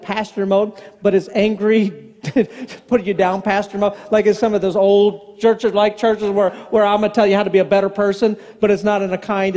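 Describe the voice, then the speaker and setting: A male pastor with a very high voice tells a comic story from the pulpit, acting out every line of the exchange. His speech is animated and self-mocking. A long reverb from the big church hall trails after each phrase. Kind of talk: storytelling sermon. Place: large church sanctuary.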